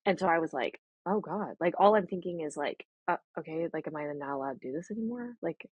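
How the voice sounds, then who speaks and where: A woman in her thirties, a guest on a podcast, telling her story in an animated, chatty way with frequent laughs and quoted dialogue. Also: low-pitched, quick pace, husky, dry recording, highs cut off. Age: 30s. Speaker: guest, egg donor. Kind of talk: casual storytelling in a podcast interview.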